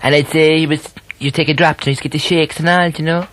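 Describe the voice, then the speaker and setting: A man's voice: on the high side, fairly even intonation, fast talker, a bit bright, no room sound, lightly acted. A man playing a chatty, fussy, sentimental Cork hairdresser on a 1980s comedy radio show, rambling and gossipy with a Cork accent. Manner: rambling, breathless, gossipy, full of "like" and "you know". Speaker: comic character guest on radio.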